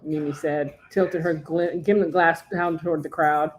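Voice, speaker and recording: A woman author reading aloud from her own novel at home as a podcast guest, after a relaxed, chatty setup. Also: deep voice, normal speed, highs cut off.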